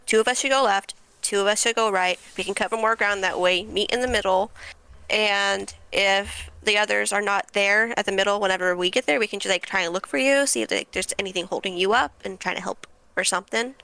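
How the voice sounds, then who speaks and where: A woman's voice: medium pitch, brisk, vocal fry, bright, forceful tone, smooth. A woman playing a tabletop game, chatting casually and laughing often. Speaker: player.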